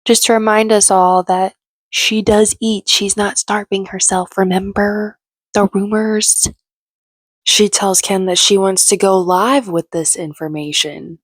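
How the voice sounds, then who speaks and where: A woman's voice: mid-range voice, fairly even intonation, measured pace, no room sound. Sarcastic woman doing a TV recap. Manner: sarcastic, opinionated. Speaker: reality TV recap commentator. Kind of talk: casual commentary.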